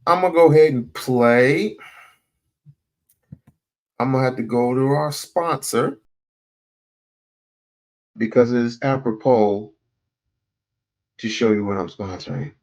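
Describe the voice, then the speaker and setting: Man, livestream host, slow unhurried delivery, blunt, profane, repetitive. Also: medium pitch, a little mellow. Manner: loose, blunt, profane, repeats phrases. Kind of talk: casual livestream talk.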